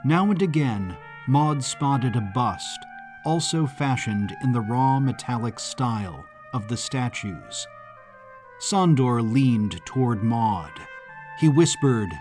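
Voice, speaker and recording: A man narrating a story in a measured, descriptive way. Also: medium pitch, animated, a little mellow. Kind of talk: scripted audiobook narration. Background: faint background music.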